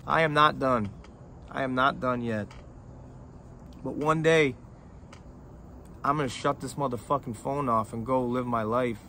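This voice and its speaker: A man's voice: medium pitch, sharp tone, a little hiss or hum. Emotional, profane man talking to fans. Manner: emotional, profane, halting with many restarts. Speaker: independent rapper talking to fans. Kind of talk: heartfelt, rambling direct-to-camera talk.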